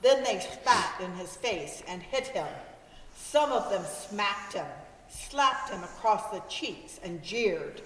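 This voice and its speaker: A woman reading scripture aloud with a slow, deliberate delivery. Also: mid-range voice, expressive, a bit bright, reverberant, big-room sound, a little hiss or hum, low-quality recording. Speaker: scripture reader.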